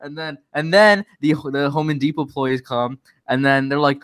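A man's voice: on the high side, normal speed, fairly bright tone, clean tone, no echo. A young man telling a rambling story in casual chat over a video call, full of fillers and giggles.

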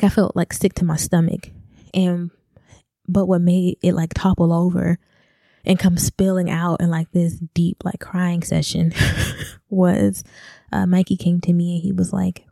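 A young adult woman, a podcast co-host, giving a raw, halting confessional monologue and swearing freely. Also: lowish voice, creaky, warm tone, no room sound, clean studio sound.

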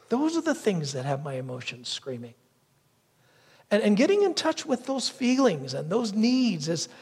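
Guy preaching, kinda husky and gravelly, tells stories and does little voices. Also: sits high, darkish tone. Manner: storytelling, acts out wife's lines and crow caws. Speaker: pastor. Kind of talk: sermon.

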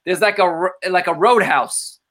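A man's voice: high voice, moderate pace. A man, a stand-up comedian, telling a story in casual podcast chat and acting out the voices of the people in it. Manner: animated, acts out quoted voices.

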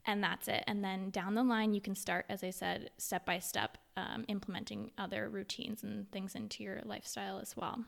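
Young woman with vocal fry, chatty. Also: mid-range voice, level tone, moderate pace, few pauses. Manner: chatty and candid, with frequent fillers. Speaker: podcast guest, mother and blogger. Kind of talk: casual interview answers.

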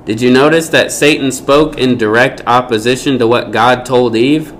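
Male Bible teacher, average pitch, emphatic delivery with rhetorical questions, faint background noise. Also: moderate pace, a bit bright.

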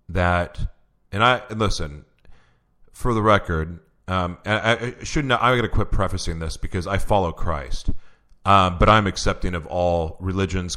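Male guest, very low voice, earnest testimony, halting storytelling. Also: sharp tone. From Oklahoma. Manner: earnest storytelling, many restarts and fillers. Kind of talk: personal testimony in interview.

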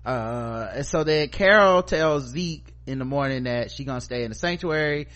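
Animated, joking male podcast host. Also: medium pitch, normal speed. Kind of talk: casual show recap.

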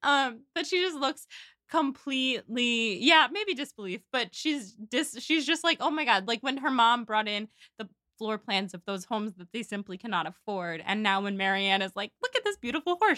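A young woman co-hosting a podcast in casual chat, recapping scenes and slipping into little acted-out quotes. Her voice sits a touch high and sounds bright, and the recording is close and dry. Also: expressive, moderate pace, no echo. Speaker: podcast co-host.

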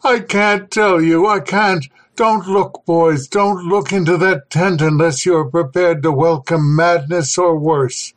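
A man's voice: steady tone, a little slow, hardly any pauses, natural voice. A man playing a panicked, half-mad explorer. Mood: frantic. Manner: frantic, pleading, high-strung.

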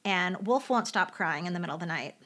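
A woman's voice: fairly low pitch, animated, brisk, fairly bright tone. A woman in her fifties co-hosting a casual chat, animatedly retelling a TV special and acting out the quoted lines. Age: 50s. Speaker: podcast co-host.

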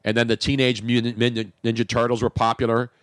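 A man's voice: medium pitch, flat delivery, fast talker, no echo, clean studio sound. A middle-aged man from Philadelphia hosting a radio talk show, joking and opinionated in casual banter. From US East Coast, Philadelphia.

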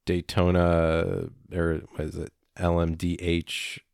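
Deep, gravelly man chatting casually. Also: monotone, a little mellow, dry recording, studio quality. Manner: rambling, halting, full of fillers. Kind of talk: casual chat.

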